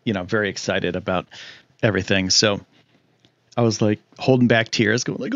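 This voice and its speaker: Young guy streaming live, rambly and excitable, lots of ums, kinda dull dry audio. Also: fairly quick, dry recording. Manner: excitable, rambling, lots of fillers, jumps high when thrilled. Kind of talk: casual live-stream chat.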